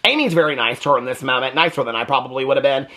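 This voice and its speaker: Sassy guy dishing on a reality show, talks super fast, keeps saying okay. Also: medium pitch, sharp tone. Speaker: TV reaction vlogger. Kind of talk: casual TV recap commentary.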